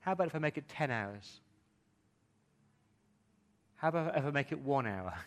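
A man preaching a sermon as pastor, putting rhetorical questions to the congregation and moving between a quiet hush and emphatic rises. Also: a little high, animated, normal speed.

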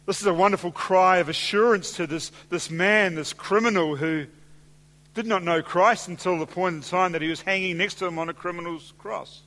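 A man delivers a sermon from the pulpit in a fairly high voice, steady and deliberate. He eases into softer, slower phrasing when quoting scripture. The sound carries a long church-hall reverb. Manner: measured preaching, slowing and softening for scripture quotes. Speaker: pastor.

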